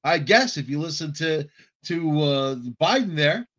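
A man's voice: a little high, expressive, measured pace, fairly bright tone. A man delivering a heated, sarcastic political commentary monologue, often restarting his phrases.

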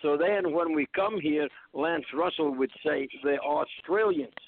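A man's voice: on the high side, a little slow, slight background noise. An older man from Scotland, a veteran wrestler telling blunt, folksy stories with dry humor over a phone line. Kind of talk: casual storytelling on radio.

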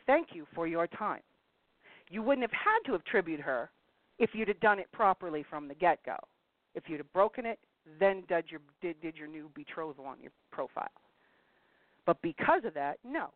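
A woman's voice: fairly low pitch, no room sound. A woman hosting a casual advice talk, blunt and scolding her listeners. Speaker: talk show host. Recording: tinny phone-like dry sound.

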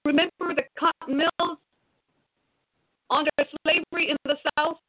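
Speaking in a high, steady tone at a moderate pace, a woman lectures the audience head-on with passionate, moralizing exhortation and repeated rhetorical questions. She's a commentator, recorded with no room sound but a tinny, phone-like character.

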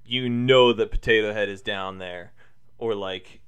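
A man co-hosting a podcast, joking around in casual chat and trailing off into quiet asides. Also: fairly low pitch, fairly even intonation, measured pace, smooth, highs cut off.

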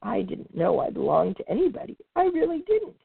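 A woman's voice: on the high side, wildly swooping pitch, brisk, vocal fry, husky, dry recording, voice pushed up, heavily acted. A woman voicing a wise old male frog in a storybook, mild and tut-tutting. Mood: amused. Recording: dry, tinny phone-like sound.

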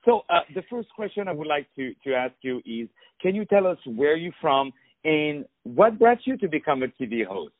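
A man hosting a radio interview, effusive and flattering, often halting on repeated words and fillers. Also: on the high side, dry recording. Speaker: radio show host. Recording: dry, tinny phone-quality sound.

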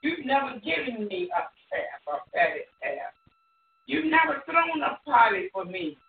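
A woman's voice: high-pitched, sing-song, measured pace, pitched above the performer's own voice. A woman preacher voicing a resentful older brother with an aggrieved, raised complaining voice. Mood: indignant. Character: resentful older brother, adult man, indignant. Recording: tinny phone line, echoey and distant.

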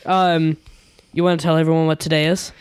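Smooth young male podcast host. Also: fairly high pitch, little pitch movement, a little fast. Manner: hesitant, lots of fillers and restarts, laughs often. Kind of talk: casual chat. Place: home basement.

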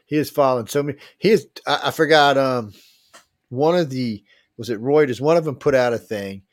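A man's voice: medium pitch, normal speed, no echo, clean studio sound. A middle-aged man, a talk radio host, rambling boastfully and swearing in casual chat. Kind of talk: casual talk podcast rant.

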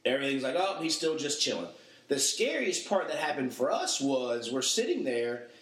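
A young adult man telling a story in casual chat, animated and acting out the voices of people he quotes. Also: medium pitch, normal speed, reverberant. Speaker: podcast panelist.

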